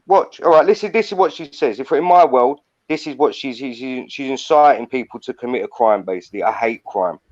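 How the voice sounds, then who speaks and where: A man's voice: mid-range voice, fairly quick, few pauses, darkish tone. An older man, ranting heatedly and swearing a lot on a live stream. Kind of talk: angry ranting live chat. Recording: muffled lo-fi stream audio.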